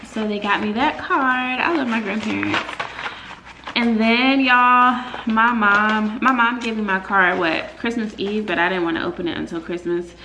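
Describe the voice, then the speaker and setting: A woman's voice: mid-range voice, fairly even intonation, moderate pace, bright, forceful tone. A young woman vlogging in casual chat, talking straight to her viewers. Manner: chatty, talks straight to viewers. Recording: roomy echo, faint room noise.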